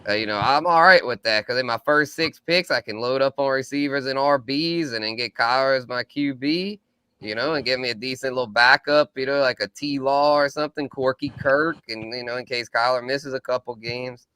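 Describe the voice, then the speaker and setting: A man's voice: medium pitch, brisk, sharp tone, clear, resonant tone, no echo. A man hosting a casual sports podcast, laid-back and thinking aloud with frequent restarts. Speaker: podcast host.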